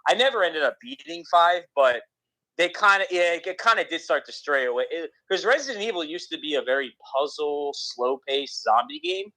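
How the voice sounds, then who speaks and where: A man's voice: fairly high pitch, animated, normal speed, bright, forceful tone, no room sound, rough recording. A young man chatting casually about video games, rambling with lots of restarts.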